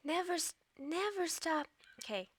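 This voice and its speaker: A woman's voice: extremely high pitch, expressive, measured pace, fairly bright tone. A woman co-hosting a game stream, giggling and apologizing between lines. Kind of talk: casual stream chat.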